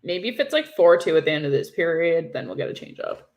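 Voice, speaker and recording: A woman's voice: fairly low pitch, big pitch swings, fast. Giggly young woman chatting hockey. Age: young adult. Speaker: podcast co-host. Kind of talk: casual hockey chat, livestream.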